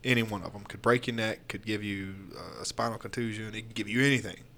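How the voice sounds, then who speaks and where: Low-voiced man, rambling wrestling talk. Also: steady tone, fast, creaky, a bit bright. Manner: rambling, candid storytelling with fillers and restarts. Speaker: pro wrestler guest. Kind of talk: casual podcast chat.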